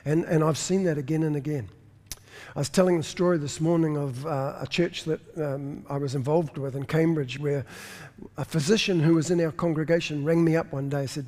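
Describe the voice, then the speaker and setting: A pastor preaches a sermon in a slightly high, mellow, steady voice at a moderate pace, with long hall reverb around him. He tells stories emphatically, often repeating words while searching for the next one.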